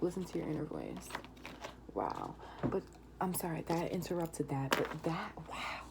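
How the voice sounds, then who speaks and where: Low-voiced woman whispering tarot readings. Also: moderate pace, gravelly. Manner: often drops to a whisper, excited exclamations. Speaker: tarot reader. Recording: noisy home recording.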